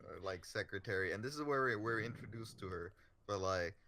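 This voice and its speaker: A man co-hosting a podcast, chatting in a jokey, animated way. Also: fairly low pitch, a little fast, noisy background. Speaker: podcast co-host. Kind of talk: casual chat.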